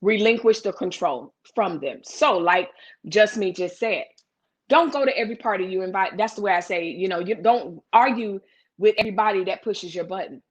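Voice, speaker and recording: Blunt, animated woman hosting a live chat. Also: medium pitch, normal speed. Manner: blunt, animated, talks straight to viewers; reads out and answers viewer comments. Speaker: host of a live chat show. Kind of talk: live casual chat with viewers.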